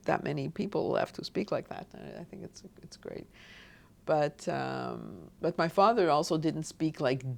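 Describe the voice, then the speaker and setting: A woman's voice: a bass voice, creaky. A woman from Montreal, an oral history interviewee, reminiscing in a rambling way with frequent restarts and asides. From Montreal, Canada.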